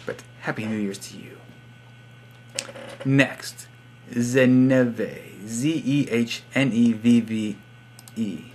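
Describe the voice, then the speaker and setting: Slow and darkish in tone, with long pauses, a medium-pitched young man records a casual vlog at his computer at home. He gives shoutouts, jokes in a silly, wandering way, and occasionally puts on accents, all over a little hiss or hum.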